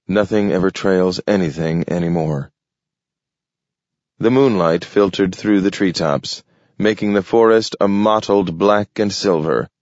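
A man narrating a story with measured, steady delivery. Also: low voice, dry recording. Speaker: audiobook narrator. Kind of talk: scripted narration. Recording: dull lo-fi dry recording.

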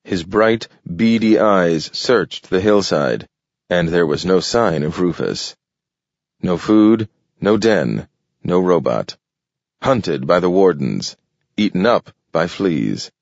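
Deep voiced guy reading a story, steady, muffled dry audio. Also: slow pace, vocal fry, dry recording. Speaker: audiobook narrator. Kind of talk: scripted narration. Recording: dull lo-fi dry recording.

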